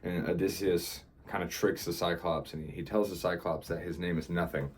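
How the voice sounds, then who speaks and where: A man's voice: sits low, steady tone, moderate pace, a little hiss or hum. A young man in his student years, talking casually to camera, rambling with lots of fillers. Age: young adult. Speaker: vlogger.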